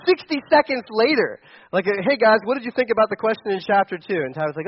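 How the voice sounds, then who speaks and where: A man's voice: high-pitched, animated, fast, slightly rough, highs cut off. A young man preaching a sermon as a pastor, conversational and storytelling, with frequent restarts. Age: young adult.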